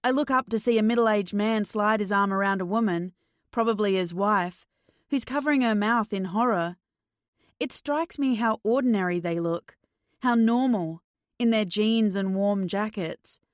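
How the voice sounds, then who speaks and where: A woman narrating a first-person thriller audiobook in a slow, measured, tense way. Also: mid-range voice, dry recording, clean studio sound.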